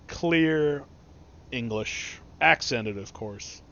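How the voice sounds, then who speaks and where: A man's voice: mid-range voice, lively intonation, moderate pace, fairly bright tone. A man narrating as game master of a tabletop game, in casual, rambling speech over an online voice chat. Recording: dull lo-fi recording.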